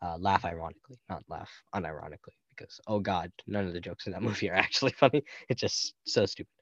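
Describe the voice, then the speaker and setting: A young man hosting a podcast talks films in a loose, jokey, rambling way, laughing often during this casual review chat. His voice is low, fast and a bit bright, and the recording is muffled with no room sound.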